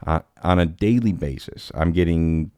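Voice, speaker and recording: A man's voice: deep voice, normal speed, mellow, smooth, no echo, clean studio sound. A man hosting a podcast in casual chat, rambling and jokey, often laughing. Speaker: podcast host.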